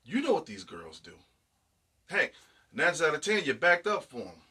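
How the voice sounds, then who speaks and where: Husky, bright-voiced man lecturing emphatically. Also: on the high side, huge pitch swings, normal speed. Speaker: podcast co-host. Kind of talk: casual podcast chat.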